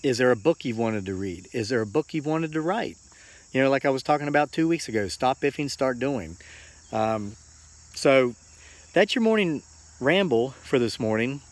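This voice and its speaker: A man's voice: medium pitch, expressive, moderate pace, no room sound. An American man giving an earnest, rambling motivational talk into a handheld phone, repeating himself for emphasis. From United States. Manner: earnest, rambling and repetitive, with many fillers. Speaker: homesteading vlogger.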